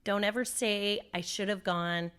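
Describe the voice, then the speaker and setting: Animated woman telling a personal story. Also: medium pitch, unhurried, clear, resonant tone. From Southern California. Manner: animated storyteller, acts out her own quotes. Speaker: interview guest.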